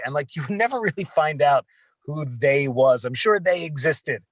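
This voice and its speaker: A man's voice: fairly high pitch, normal speed, no room sound. A man, a voice actor, recalling auditions in a rambling, casual way. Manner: rambling, filler-heavy. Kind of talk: casual interview recollection.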